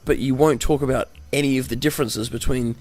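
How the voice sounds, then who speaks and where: A man's voice: mid-range voice, steady tone, brisk, a little mellow, soft background music. A man delivering a sarcastic, exasperated political rant full of rhetorical questions. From Australia.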